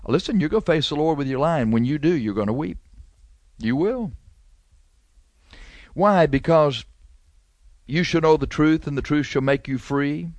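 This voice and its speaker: A man preaching a radio sermon with fervor, repeating lines and climbing suddenly in pitch and volume. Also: normal speed, long pauses, a little mellow, dry recording.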